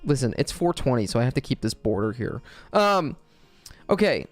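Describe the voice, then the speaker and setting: Male streamer, relaxed and foul-mouthed, lively pitch, faint music behind. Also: normal speed, no echo. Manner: laid-back and profane, with loose joking asides. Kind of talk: casual livestream chat and reading his own script.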